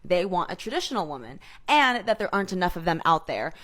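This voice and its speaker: A woman's voice: lowish voice, very animated, fast talker, fairly bright tone. A woman talking to camera in a chatty, reflective vlog. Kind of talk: casual vlog commentary.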